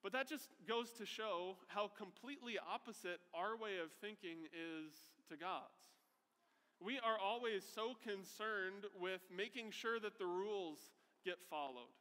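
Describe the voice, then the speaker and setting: A man's voice: high voice, unhurried, sharp tone, long reverb tail. A man preaching a sermon as pastor, conversational, often checking in with a rhetorical "right?".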